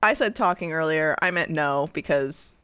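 A woman co-hosting a podcast in casual chat, talking loudly and animatedly and laughing often. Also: deep voice, moderate pace, clear, resonant tone, no echo. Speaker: podcast co-host.

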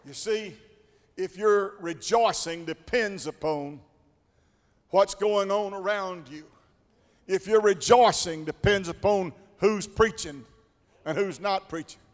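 High-voiced preacher man in a reverberant church. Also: takes it slowly, some chatter behind. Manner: rhythmic call-and-response preaching that swells into shouts. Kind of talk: sermon. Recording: long church hall reverb with faint congregation.

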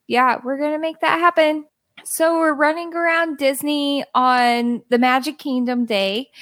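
A young adult woman on a podcast, telling a story in an animated, exasperated way and swearing freely. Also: sits high, no room sound. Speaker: guest podcaster. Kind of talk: casual storytelling.

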